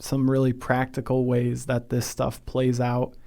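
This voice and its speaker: Gravelly-voiced male podcast host. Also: medium pitch, monotone, unhurried, warm tone. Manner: friendly, self-deprecating and reflective. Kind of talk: casual podcast interview.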